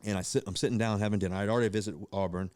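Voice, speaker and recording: Man, 30s, podcast guest. Animated storyteller, low-set voice, dry mic. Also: racing, no room sound. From Virginia, USA. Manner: animated, acts out quoted voices, many fillers and restarts. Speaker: guest, pro football quarterback. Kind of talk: storytelling in casual podcast chat.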